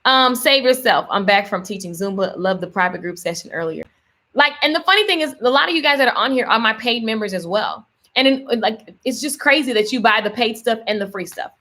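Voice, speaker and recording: A woman business coach on a live stream talks a little fast in a mid-range voice. Energetic and emphatic, she keeps repeating key points and reads out what viewers comment.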